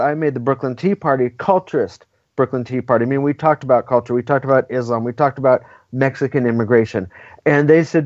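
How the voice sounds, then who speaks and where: An emphatic, opinionated man talks casually in an interview, pressing his points and checking in with a quick "right?". His voice sits at an ordinary middle pitch. The recording is dull and lo-fi with a dry, close sound. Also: darkish tone, dry recording. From California. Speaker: interview guest.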